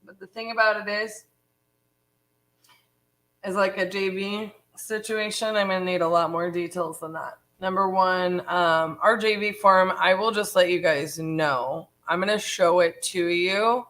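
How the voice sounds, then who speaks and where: A woman's voice: lowish voice, steady tone, measured pace, fairly bright tone, low-quality recording. A woman co-founder of a real estate business talking casually and frankly on a live stream, full of fillers like "um" and "you know". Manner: chatty, frank, many fillers.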